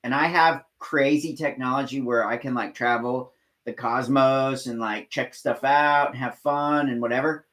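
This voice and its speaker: A man's voice: medium pitch, steady tone, normal speed, fairly bright tone. A man hosting a local talk show, chatting casually, swearing often and saying "like" a lot. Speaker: show host. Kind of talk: casual chat.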